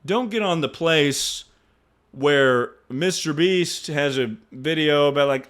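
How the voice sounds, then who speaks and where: A young male streamer telling a story to his chat in casual talk, swearing freely and sounding incredulous. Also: unhurried. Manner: animated, incredulous, swears freely, jumps to high pitch when mocking.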